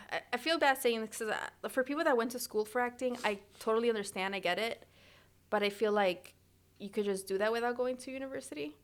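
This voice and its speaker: A young woman from Chicago, an actor guest on a podcast, talking in a chatty, animated way full of "like". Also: fairly high pitch, a little fast. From Chicago, United States. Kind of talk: casual interview chat.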